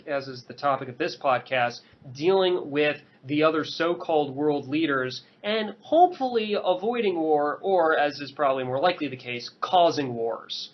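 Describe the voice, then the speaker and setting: Hedging podcast co-host man, dull audio. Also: fairly high pitch. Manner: measured, hedging with fillers. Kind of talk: casual podcast chat.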